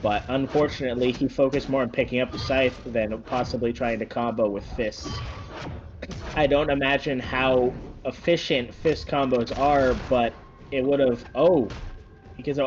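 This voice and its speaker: A man giving casual play-by-play commentary on a gaming match, rambling and correcting himself, with sudden excited bursts. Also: medium pitch, moderate pace, muffled recording, slight background noise. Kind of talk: casual esports-style commentary.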